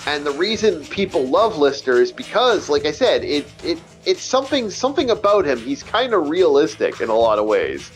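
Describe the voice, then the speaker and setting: Rambling, swearing man, higher voice. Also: very animated, moderate pace, hardly any pauses, faint music behind. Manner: rambling, profane, stumbling restarts. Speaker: let's play host. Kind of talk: casual chat over gameplay.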